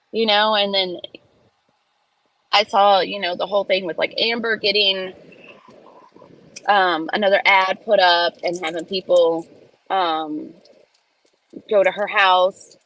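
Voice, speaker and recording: A woman's voice: mid-range voice, fairly even intonation, slow pace, long pauses, fairly bright tone, rough recording. A woman host on a phone livestream, sitting in her car, ranting bluntly and profanely. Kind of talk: casual livestream rant. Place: in a parked car in a school pickup line.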